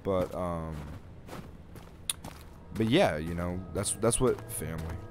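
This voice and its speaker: A man's voice: deep voice, slow, faint music behind. A young man chatting and joking through a horror game for his viewers, swearing now and then. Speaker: gaming youtuber. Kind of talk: let's play commentary.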